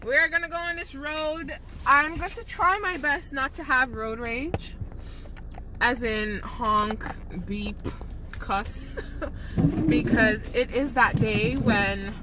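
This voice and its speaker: A woman's voice: sits high, sharp tone. A Canadian woman vlogging casually from the snow and her car, chatty and self-mocking, laughing often. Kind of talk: casual vlog chat. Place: outdoors in snow, then in a car. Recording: noisy outdoor and car ambience.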